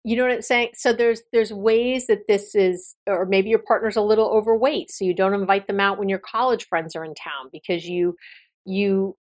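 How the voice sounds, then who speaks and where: A woman's voice: medium pitch, steady tone, moderate pace. Chatty woman podcast host explaining. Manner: conversational, self-correcting with fillers and restarts; explanatory, addresses listener directly. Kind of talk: solo podcast talk.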